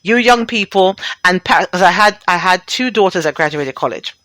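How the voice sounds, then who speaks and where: A woman's voice: lowish voice, lively intonation, normal speed, a bit bright, dry recording. A middle-aged woman hosting a talk radio show, chatting bluntly and profanely and laughing often as she reads and riffs.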